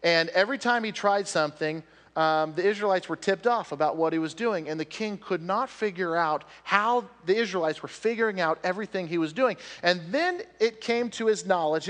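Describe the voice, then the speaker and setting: A man preaching a sermon to a congregation, telling a Bible story with animated energy and dropping to quiet appeals. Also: sits high. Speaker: pastor. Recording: long hall reverb.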